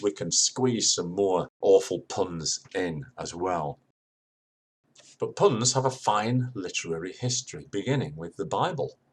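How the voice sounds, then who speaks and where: Low husky older Englishman lecturing. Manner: dry, explanatory, retells jokes with acted voices. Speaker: lecturer on humour. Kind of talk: spoken lecture.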